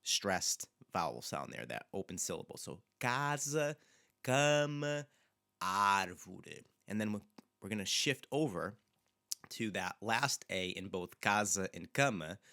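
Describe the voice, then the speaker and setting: A man teaching a bilingual pronunciation lesson, repeating example words slowly and with emphasis. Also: on the low side, pushed and bright. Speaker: language teacher.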